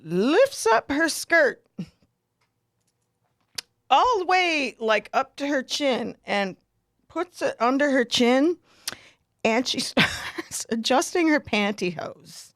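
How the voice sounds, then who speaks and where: A middle-aged woman, hosting a podcast and telling a story in a lively, laughing way. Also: high-pitched, slow, pauses often, no room sound, studio quality. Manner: animated, laughs a lot, acts out quotes. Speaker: podcast host. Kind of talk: casual storytelling chat.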